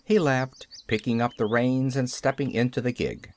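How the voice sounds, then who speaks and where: A man narrating a classic novel as an audiobook, with a lively storytelling delivery. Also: medium pitch, moderate pace, few pauses, no echo.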